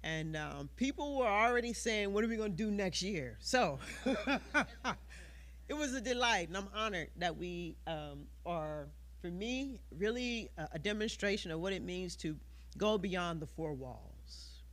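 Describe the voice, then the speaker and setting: A woman minister speaking at a church service. She talks with many fillers and pauses. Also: medium pitch, animated. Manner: slow, warm-hearted, with many fillers. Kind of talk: church announcements.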